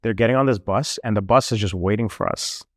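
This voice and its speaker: A young man telling a travel story in casual chat, animated and full of fillers. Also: fairly low pitch, brisk, no echo, clean studio sound. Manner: animated, lots of fillers, mimics officials.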